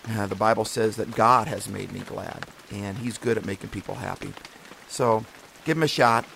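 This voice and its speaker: A man with a fairly low voice talks to his podcast listeners in a casual devotional way. He is earnest and encouraging, wanders off track and restarts his sentences. Faint rain patters in the background. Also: normal speed, gravelly, fairly bright tone, slight background noise. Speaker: podcast host.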